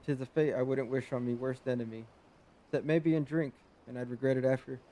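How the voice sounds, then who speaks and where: A man voicing a grizzled, superstitious old male sailor in a video game, with a rough seafaring dialect and dramatic storytelling. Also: medium pitch, steady tone, fairly quick, warm tone, close to an everyday voice, rough recording. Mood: grumbling.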